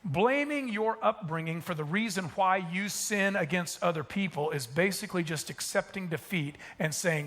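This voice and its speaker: A man preaching a sermon as a pastor. He talks emphatically and slows down to repeat his key points. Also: high voice, a bit bright. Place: church auditorium stage.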